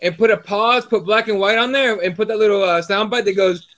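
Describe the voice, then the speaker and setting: A man co-hosting a casual livestream podcast, reading chat comments aloud in a profane, animated way. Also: sits high, fairly quick.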